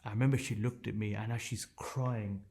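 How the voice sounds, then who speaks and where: A man's voice: lowish voice, fairly even intonation, normal speed, creaky, a little mellow. A man in his thirties, a podcast guest telling a painful personal story in a raw, intense way, swearing and repeating phrases for emphasis.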